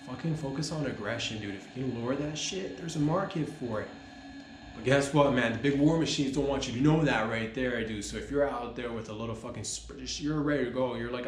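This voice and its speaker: A man rambles through a deadpan comedy monologue in a mock-serious tone, with plenty of "dude" and "man" thrown in. His voice sits in a middle register and sounds roomy and echoey, with a faint hiss of noise underneath. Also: medium pitch, moderate pace. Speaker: comedy podcast host.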